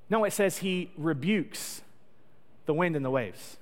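A man's voice: a little high, animated, a little slow. A man preaching a sermon in a conversational, joking storytelling way. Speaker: pastor. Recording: long echo of a large hall.

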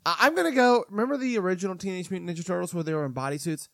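A man's voice: high-pitched, vocal fry, a bit bright, dry recording. A man co-hosting a podcast, trading jokes in a casual chat. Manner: joking, fast-talking. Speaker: podcast co-host.

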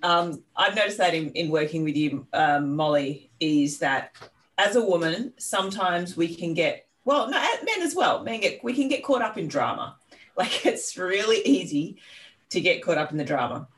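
A woman's voice: on the low side, big pitch swings, normal speed. Rambling woman podcast host. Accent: Australian. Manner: rambling, warm praise with laughs and self-interruptions. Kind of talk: casual interview conversation. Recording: slightly distant mic.

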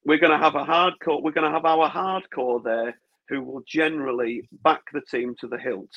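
Husky man, rambling football chat. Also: fairly high pitch, fairly even intonation, normal speed. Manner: rambling, many restarts. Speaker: podcast co-host. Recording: dull lo-fi sound.

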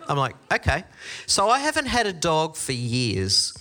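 A man's voice: a little high, a little slow. Australian man preaching a sermon. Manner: storytelling, animated quoted voices. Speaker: pastor.

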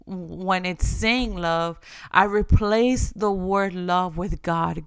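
A woman's voice: lowish voice, slow pace, smooth, dry recording, clean studio sound. A woman giving a conversational devotional talk, earnest and repeating phrases for emphasis. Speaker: devotional speaker.

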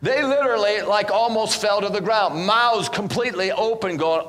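A man preaches to a congregation in church, telling stories and playing each part. His voice sits high and sounds bright and forceful. He is animated throughout. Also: moderate pace, in a large hall. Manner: animated, acts out dialogue. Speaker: guest minister. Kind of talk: sermon with storytelling.

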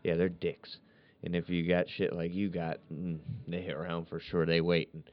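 A man's voice: deep voice, little pitch movement, normal speed, dry recording. A man in casual chat with blunt, crude, teasing banter. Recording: dull lo-fi sound, dry.

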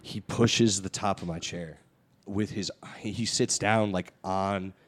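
A man's voice: sits low, slow pace. A young man hosting a casual podcast, telling crude stories full of swearing. He throws himself into the quoted lines, acting out every exchange. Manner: profane storytelling, animated reenactments. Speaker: podcast host.

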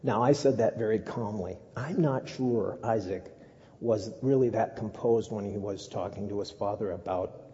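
A man's voice: lowish voice, moderate pace, dark tone. A male pastor preaching a sermon in a conversational way with humorous asides, heard as a dull recording with a long echo in a church.

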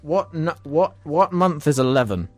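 A man's voice: fairly high pitch, expressive, normal speed, faint music behind. A man co-hosting a casual podcast chat, laughing often. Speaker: podcast co-host.

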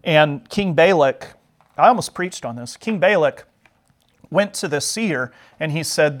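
Man, fairly high voice, Sunday school teacher, chatty and joking as he retells scripture. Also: animated, measured pace. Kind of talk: Bible lesson storytelling.

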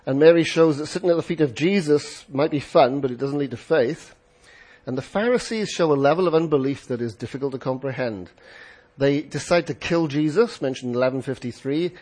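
A man reading a Bible passage aloud and then preaching on it, emphatic and expressive, with rhetorical questions. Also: medium pitch, normal speed. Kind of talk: scripture reading and sermon.

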